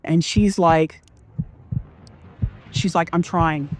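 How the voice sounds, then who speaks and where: A woman's voice: lowish voice, steady tone, extremely slow, soft background music. A woman telling a first-hand scary story as a podcast guest, rambling, restarting and swearing as she quotes herself.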